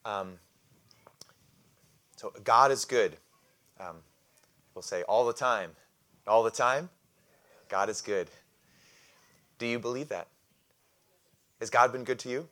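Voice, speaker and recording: A man's voice: mid-range voice, slow, long pauses. A man preaching a sermon, calling out to the congregation for responses and explaining scripture in a loose conversational way with light humor. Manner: call-and-response with congregation, animated emphasis. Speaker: pastor.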